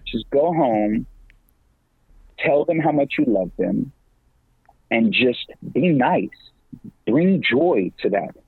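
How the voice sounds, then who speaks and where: A middle-aged man, a podcast guest and evangelist, talking about faith in a casual, slangy way, with his voice jumping up when he gets excited. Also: takes it slowly, pauses often, breathy edge, dry recording. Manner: animated, slangy, pitch leaps when excited. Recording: tinny phone-like line, dry.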